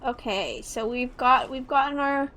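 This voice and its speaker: A woman's voice: sits high, unhurried, pushed and bright, slight background noise. A young woman casually chatting and joking while playing a game on a live stream. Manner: chatty, playful, giggly asides.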